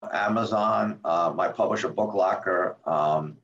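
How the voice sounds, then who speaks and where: Older man, gravelly voice, halting candid talk, roomy dull recording. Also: sits low. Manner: halting, repeats words, retells quotes in a lively voice. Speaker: guest, author and former medical center president.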